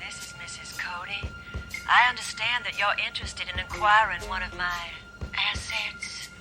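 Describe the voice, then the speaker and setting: A coy, breathy widow, played by an actress, purring her lines. Her voice sits at a middle pitch. Music plays behind her. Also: steady tone, normal speed, close to an everyday voice. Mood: seductive. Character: sultry widow, seductive woman on the phone.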